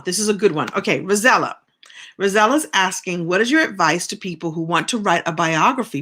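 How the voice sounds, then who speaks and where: On a casual live stream, a middle-aged woman who coaches business and writing chats encouragingly while answering comments from viewers. Her voice sits on the low side and sounds a bit bright.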